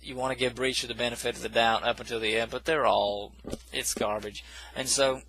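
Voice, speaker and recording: A man's voice: mid-range voice, flat delivery, brisk, a bit bright, a little hiss or hum, rough recording. A man casually recapping a film plot in a rambling, self-correcting way, with dismissive asides. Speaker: movie reviewer.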